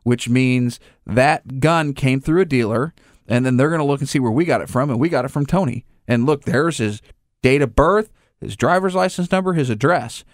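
A man's voice: mid-range voice, moderate pace, no echo, clean studio sound. A man who runs a gun store, talking casually in rambling restarts and acting out little scenes with other people's voices. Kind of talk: casual conversation.

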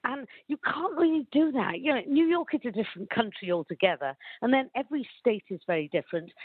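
A woman from Wales, giving animated, opinionated commentary and laughing often, heard down a phone line. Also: on the high side, dry recording. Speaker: guest commentator. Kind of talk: chatty phone interview.

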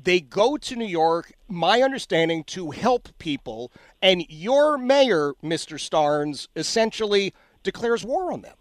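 A man's voice: sits high, sing-song, a little slow, no echo, studio quality. A man hosting a talk radio show, folksy and enthusiastic as he chats with and promotes his guest.

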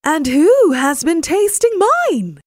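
A woman voicing an indignant mama bear with high, shrill cries. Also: sing-song, takes it slowly, no room sound, studio quality, heavily acted.

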